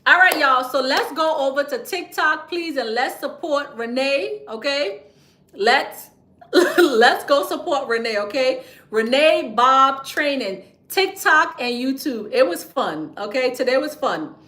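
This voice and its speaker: A woman hosts a casual livestream, chatty and quick to laugh. Her voice sits high and sounds bright. The room around her is echoey. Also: lively intonation. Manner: chatty and playful, laughs often, drops into a whisper to share tips. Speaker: livestream host teaching business credit. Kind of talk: casual livestream talk to viewers.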